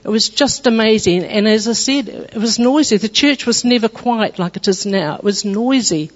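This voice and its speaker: A woman gives a testimony in a church, her story earnest and halting, full of restarts. Her voice carries a long hall reverb and comes through muffled and lo-fi. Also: medium pitch. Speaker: church member giving testimony.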